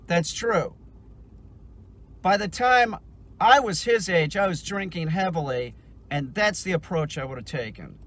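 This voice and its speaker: Profane, heated man with a high voice. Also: animated, moderate pace, fairly bright tone. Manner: profane, heated, repetitive restarts. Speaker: dog trainer vlogger. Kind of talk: casual ranting vlog.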